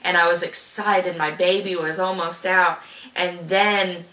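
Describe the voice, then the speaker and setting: A young woman rambles through a personal story, her voice bright and ringing. She talks with plenty of ums and false starts, recorded from a little distance in an echoey room. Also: fairly low pitch, flat delivery, unhurried. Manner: rambling with many fillers and restarts. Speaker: vlogger telling her birth story.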